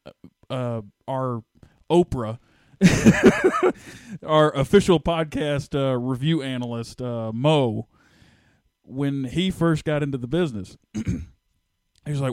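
Podcast host dude, mid voice, talks loose and laughs a lot, dry close mic. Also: male voice, medium pitch, lively intonation, takes it slowly, a little mellow, no room sound. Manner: chatty, laughs easily. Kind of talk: casual podcast chat.

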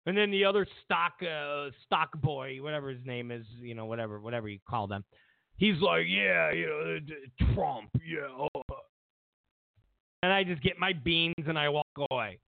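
A man's voice: a little high, brisk, gravelly, no echo. A man hosting a talk show, delivering a rambling political monologue with many repeated words and restarts. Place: Los Angeles. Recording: dry, tinny phone-like sound.

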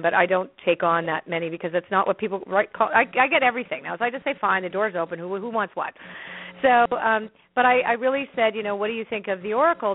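Chatty Canadian woman on a phone line. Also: medium pitch. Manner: chatty, laughing, acts out her own quotes. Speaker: interview guest. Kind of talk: animated storytelling in conversation.

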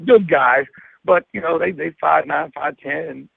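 A man's voice: fairly high pitch, normal speed, vocal fry, breathy edge, no room sound. A middle-aged man from Florida with a Southern twang, chatting as a guest in a loose, rambling way full of fillers. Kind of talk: casual chat. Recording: dry, phone-like call-in line.

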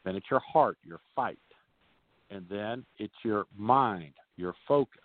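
A male tennis coach, a guest on a radio show, telling stories in a folksy, animated way and acting out the players he quotes. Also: on the low side, takes it slowly, no room sound. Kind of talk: radio interview storytelling. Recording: dry tinny phone line.

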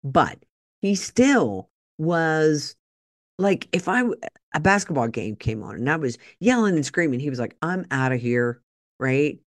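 A woman hosts a podcast in a casual, rambling monologue full of jokey asides. Her pitch bounces around with animated emphasis. The sound is close and dry, with no room echo. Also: unhurried. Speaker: podcast host.

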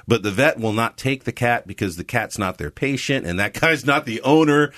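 A man's voice: mid-range voice, moderate pace, no room sound, studio quality. A man hosting a podcast, telling a story in casual chat with frequent laughs while acting out the people in it. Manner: animated, laughs often, acts out quoted voices. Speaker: podcast host.

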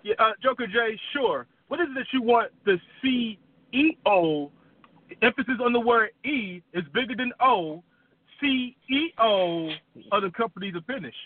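A man's voice: very high-pitched, animated, normal speed. A man trash-talking a rival in a boastful, mocking wrestling-style promo, recorded with a tinny, phone-like sound.

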